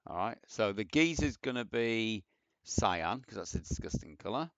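A man's voice: fairly low pitch, big pitch swings, fairly quick, creaky, a bit bright, no room sound. A man casually thinking aloud through a programming tutorial, rambling and self-deprecating as he types. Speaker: programming teacher. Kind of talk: casual coding tutorial with screen share. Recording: dull, lo-fi dry mic.

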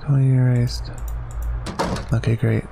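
A man talks through a computer game in a relaxed, casual way, often reading the on-screen text aloud and breaking into excited exclamations. He speaks slowly, and game music plays clearly behind him. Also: medium pitch. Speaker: gaming channel host. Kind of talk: casual let's play commentary.

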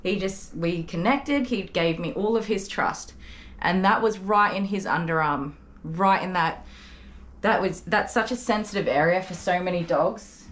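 A young woman dog groomer talking gently and coaxingly to a nervous dog while she works, openly emotional and tender. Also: on the low side, unhurried, low-quality recording. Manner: gentle, coaxing, soft-spoken. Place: grooming salon, indoors. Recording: clipper buzz and background noise.

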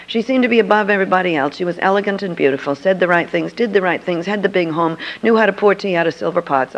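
A woman's voice: lowish voice, lo-fi sound. An older woman, a Christian speaker, telling a personal story to an audience in an earnest, emphatic way.

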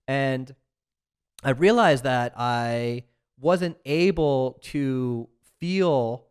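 A man with a smooth, resonant voice at a middle pitch, speaking as a podcast guest. He talks in an earnest, confessional way, reflecting openly on his own life. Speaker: podcast guest, business owner. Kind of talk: casual interview talk.

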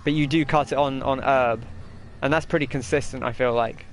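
This young Englishman is a gaming streamer, rambling casually about his game and reading viewers' chat aloud as he replies. He talks quickly at a medium pitch with a steady tone, and the recording carries a faint hiss or hum.

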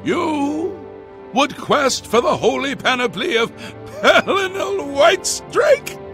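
A grave doom-saying prophet. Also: male voice, very high voice, sing-song, takes it slowly, fairly bright tone, soft background music, full character voice. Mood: solemn. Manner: grave, declaiming, prophetic, chants ancient words. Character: grim old male prophet of doom, solemn. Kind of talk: video game voice acting.

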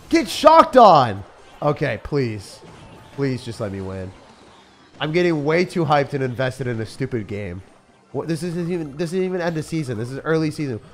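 A young man giving live commentary on his game as a streamer, swinging between loud outbursts and low muttering. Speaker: gaming streamer. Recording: faint music behind voice.

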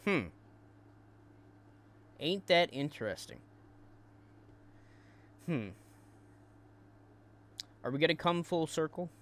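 A man's voice: fairly high pitch, animated, slow pace, pauses often, a bit bright. Crude, taunting male commentary host. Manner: taunting, crude, repeats words in bursts. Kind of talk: mocking commentary.

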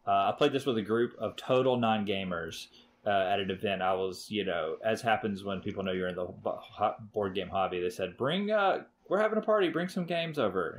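A man's voice: low voice, slight background noise. A man hosting a casual board game podcast, talking enthusiastically and rambling with many fillers. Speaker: podcast host.

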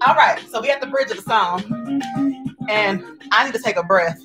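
A woman's voice: medium pitch, moderate pace, music in the background, rough recording. A woman hosting a virtual paint party in a playful way, cheering and teasing her guests. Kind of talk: lively live event hosting.

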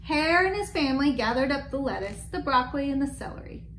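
Female storyteller for a kids' read-aloud; gentle, questioning the children, high voice, roomy recording with faint noise. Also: animated, fairly quick. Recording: echoey room with faint background.

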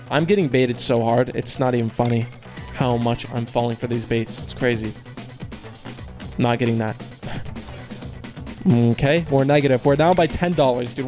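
A young man giving casual commentary on opening online cases, groaning at losses and cheering at wins, talking in slang to his viewers. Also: mid-range voice. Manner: swings between groaning frustration and loud cheering. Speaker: case-opening video host. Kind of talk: excited gaming commentary.

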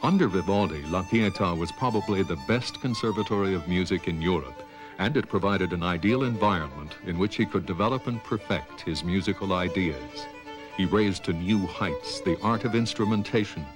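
Male documentary narrator, very low voice, steady and measured, music underneath. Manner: calm, measured storytelling. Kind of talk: scripted narration.

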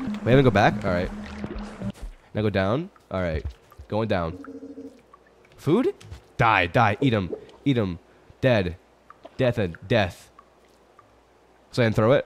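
A young man commenting on his own play of a hard game, mumbling one moment and shouting and swearing the next. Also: lowish voice. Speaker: gaming streamer. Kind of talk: reactive gameplay commentary.

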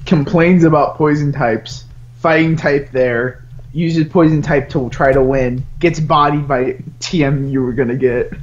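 A man's voice: fairly high pitch, steady tone, a little slow, lo-fi sound. A man chatting casually while playing a video game, playful and teasing, muttering and humming along as he plays. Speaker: gaming streamer.

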